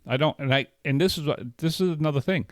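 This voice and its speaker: A man's voice: fairly high pitch, quick pace, no echo. A middle-aged man talking candidly in a casual podcast conversation, telling personal stories with many fillers and restarts. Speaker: podcast co-host.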